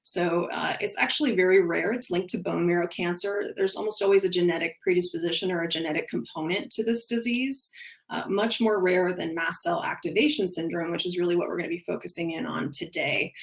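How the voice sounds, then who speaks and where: Webinar host, female, low gravelly voice, earnest and explanatory. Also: fairly even intonation, a little fast, low-quality recording. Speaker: functional nutrition practitioner giving a webinar. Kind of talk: recorded webinar talk.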